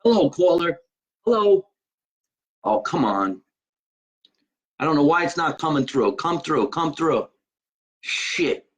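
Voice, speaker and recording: A man's voice: fairly high pitch, big pitch swings, takes it slowly, long pauses, poor audio. A man hosting his own live stream, chatting casually and joking in a rambling way. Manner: chatty, rambling, joking about being Italian. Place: his home.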